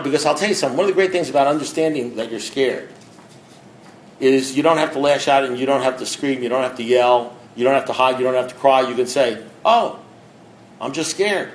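A man's voice: mid-range voice, roomy sound, a little hiss or hum, poor audio. A man sharing a personal recovery story with an audience in a blunt, conversational way, acting out the voices of people in it. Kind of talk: candid personal talk to an audience.

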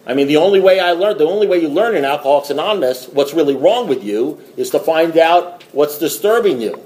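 Blunt rambling man, fast talk. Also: fairly high pitch, expressive, darkish tone. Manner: blunt, rambling, swears, repeats himself. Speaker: AA meeting speaker. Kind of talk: recovery talk to a group.

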